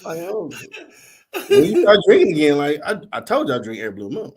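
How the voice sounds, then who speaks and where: Animated storytelling man, lively pitch. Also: brisk, a crowd in the background. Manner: storytelling, animated, slangy, acts out quoted voices. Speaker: host. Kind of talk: casual panel chat.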